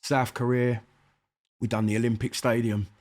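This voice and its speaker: Speaking at a normal speed in a mid-range voice, a middle-aged man from South London, with its accent, swaps colourful, foul-mouthed stories as a guest MC in a laid-back interview, playing out the conversations as he goes.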